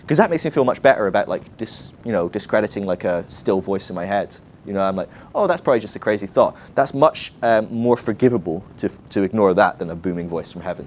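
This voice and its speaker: Animated man teaching casually. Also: lowish voice, a little hiss or hum. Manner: lively, animated, acts out quoted voices. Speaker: ministry school teacher.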